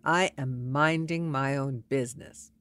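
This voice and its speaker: A woman's voice: rumbling low, fairly even intonation, a little slow, a bit bright. A woman telling a personal story in a casual, wry and exasperated way.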